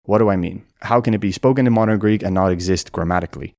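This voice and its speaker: A man narrating an educational video and explaining things clearly and methodically. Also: low-pitched, fast, darkish tone, dry recording, clean studio sound. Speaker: language explainer.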